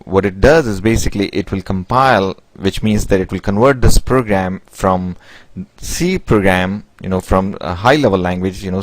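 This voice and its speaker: A deep-voiced man teaches programming in a screen-recorded tutorial, explaining step by step. His delivery is halting, packed with restarts and fillers such as "basically" and "you know," and the audio quality is poor.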